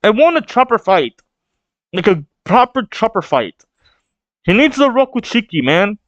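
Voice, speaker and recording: A young man reacting to a comic chapter he reads aloud, excitable and swearing, laughing often. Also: high voice, normal speed, no echo, highs cut off. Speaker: reaction streamer. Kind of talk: casual reaction reading.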